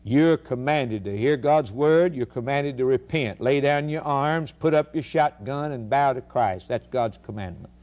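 A man's voice: medium pitch, a little slow, few pauses. Emphatic man preaching a sermon. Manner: emphatic, rhetorical questions, swings between loud and hushed. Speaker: radio preacher.

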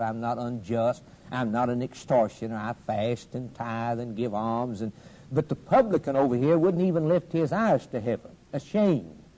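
A man's voice: mid-range voice, warm tone, husky, low-quality recording. A man preaching a sermon with fervent, rising and falling emphasis and repeated phrases.

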